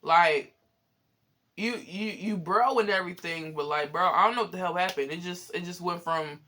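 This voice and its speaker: Young man, high voice, bright tone, animated, exasperated storytime, swears a lot. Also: normal speed, a little hiss or hum. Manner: animated, profane, exasperated, laughs often. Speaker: vlogger. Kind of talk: casual storytime monologue.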